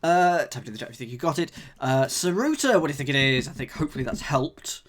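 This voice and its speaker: Talking fast in an expressive, somewhat bright mid-range voice, a live streamer works through a cryptic crossword. He's chatty and jokey, thinking out loud and addressing his chat casually.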